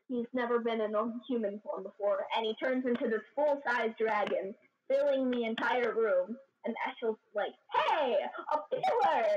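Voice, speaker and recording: Giggly, rambling woman streamer. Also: a little high. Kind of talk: casual storytelling. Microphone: voice chat. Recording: dull lo-fi voice chat.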